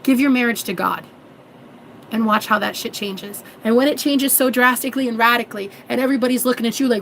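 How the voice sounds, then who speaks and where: Sassy woman coach in her 30s, fairly high voice, preachy and profane. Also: brisk, a little hiss or hum, low-quality recording. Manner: sassy and preachy, calls viewers girl and honey; swears freely. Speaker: manifestation coach. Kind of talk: casual vlog monologue.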